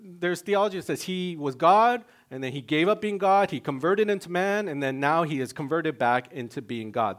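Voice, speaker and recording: A man preaching a sermon in a lively, conversational way, with self-mocking humor, sudden loud rises and soft drops. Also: fairly high pitch. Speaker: pastor.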